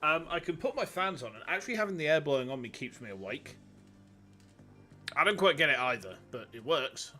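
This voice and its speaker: Yorkshire streamer, rambling casual chat, lively pitch, faint music behind. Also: male voice, fairly quick. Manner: chatty and rambling. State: tired, with a cold.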